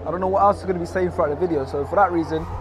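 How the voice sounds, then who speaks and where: A young man running a game, brisk and teasing as he announces the votes. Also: a little high, rough recording. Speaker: game host. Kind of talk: hosting a game. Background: noise.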